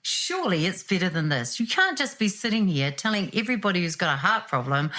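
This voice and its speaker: A woman, telling her own story in an animated, reflective way and acting out what was said. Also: fairly low pitch, fairly quick, few pauses. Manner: animated, acts out quotes with laughs.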